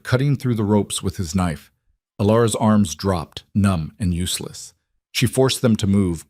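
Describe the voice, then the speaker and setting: A man narrating a paranormal romance audiobook in a dramatic, measured way. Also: on the low side, dark tone, no echo, clean studio sound. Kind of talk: scripted narration.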